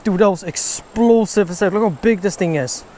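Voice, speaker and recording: Excitable high-voiced young man outdoors. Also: normal speed, slight background noise. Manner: excitable, bursts into exclamations and laughs. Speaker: fishing vlogger. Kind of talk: casual on-the-spot commentary. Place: outdoors at a river spillway. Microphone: action camera.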